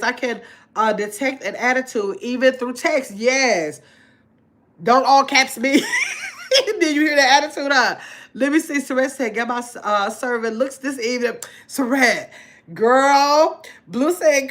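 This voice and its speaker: Middle-aged lady chatting on her livestream, reading comments out loud, kinda high voice, voice jumps around a lot. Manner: chatty, reads comments aloud, lively pitch jumps. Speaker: livestream host reading chat. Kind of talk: casual livestream chat.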